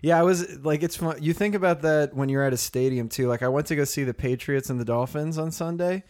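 A man chatting casually with a fairly high voice, telling profane stories with lots of energy. He keeps slipping into mimicked voices of the people he describes. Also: fairly quick, a little mellow. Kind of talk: casual chat.

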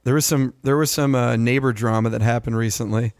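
A man's voice: mid-range voice, brisk, dry recording. Casual storytelling man, dry sound. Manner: animated storyteller, acts out quotes, swears freely. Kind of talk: casual chat.

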